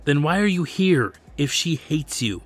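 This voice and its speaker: A man's voice: on the high side, expressive, unhurried, husky, faint music behind, pitched above the performer's own voice. A man voicing a stern, formal male manager and loyal servant, speaking insistently.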